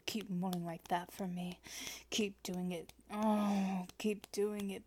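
A woman's voice: medium pitch, little pitch movement, takes it slowly, gravelly, darkish tone, a little hiss or hum. A woman in a whispered role-play, teasing and playful, laughing often and cracking corny jokes. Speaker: audio role-play performer.

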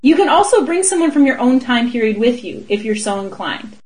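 A woman's voice: a little high, big pitch swings, a little fast, darkish tone, poor audio. A young woman co-hosting a podcast, chatting in a playful, teasing way and laughing often. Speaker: podcast co-host. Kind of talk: casual chat.

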